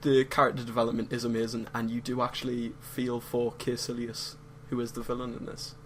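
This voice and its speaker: An English man talks through a film he reviewed, candid and relaxed in a casual podcast chat. A faint hum sits under his voice. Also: medium pitch, fairly quick, poor audio. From England.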